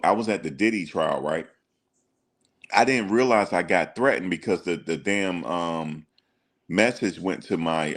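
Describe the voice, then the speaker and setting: Deep-voiced man ranting in casual slang. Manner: emphatic and slangy, with rhetorical questions. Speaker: online commentator. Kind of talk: casual reaction commentary.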